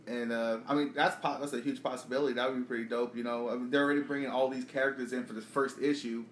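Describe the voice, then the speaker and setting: Fast-talking man in an echoey room. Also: medium pitch, level tone, fairly bright tone, slight background noise. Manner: rapid, profane comic-book recap. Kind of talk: casual podcast chat.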